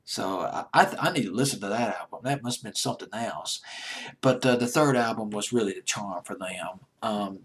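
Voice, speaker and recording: A man's voice: lowish voice, fairly quick, fairly bright tone, slightly rough. A man from Alabama with a Southern accent, hosting a music countdown in a chatty, enthusiastic way, laughing as he talks. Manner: chatty, enthusiastic, laughs often, stumbles and restarts. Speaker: radio-style countdown deejay. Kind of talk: casual countdown commentary.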